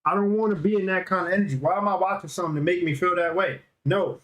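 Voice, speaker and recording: A high-voiced man telling an animated story in casual chat, clearing his throat now and then. He speaks, worked up and expressive. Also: quick pace, poor audio.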